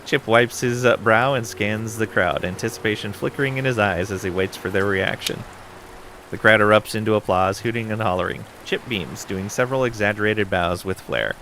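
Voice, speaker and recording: A man casually reading game story text on stream, relaxed and dotted with little asides. His voice sits slightly low yet sounds bright and forceful, over a faint hiss. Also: moderate pace. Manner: relaxed, with frequent ums and asides.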